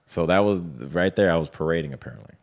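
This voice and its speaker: A man's voice: low-pitched, fast talker. A man in a casual interview, telling his story animatedly and acting out what others said. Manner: animated, retells scenes with quoted voices. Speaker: interview guest.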